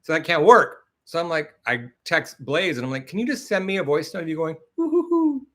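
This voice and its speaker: A man's voice: a little high, lively intonation, fairly quick, pushed and bright. A man hosting a casual live stream from home, rambling and laughing as he acts out lines. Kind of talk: casual chat. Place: home in Los Angeles.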